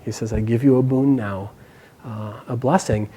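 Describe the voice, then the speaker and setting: A man casually retelling an epic story aloud, animated, with quick bursts and hushed quoted lines. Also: mid-range voice, husky, rough recording.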